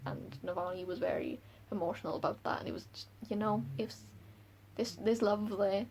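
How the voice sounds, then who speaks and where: A woman book vlogger chatting casually and excitably about characters she loves and hates. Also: mid-range voice, a little hiss or hum, low-quality recording. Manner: gushing, excitable, quick laughs. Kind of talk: casual chat.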